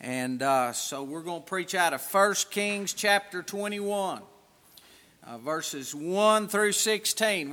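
A man's voice: sits high, bright, forceful tone, in a large hall. A man preaching a sermon as pastor, reading scripture aloud in a raised, emphatic voice.

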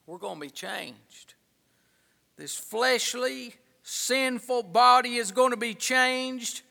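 High-voiced preacher with a gravelly edge. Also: male voice, in a large hall. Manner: swings from hushed asides to loud, drawn-out emphasis. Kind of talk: sermon. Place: church.

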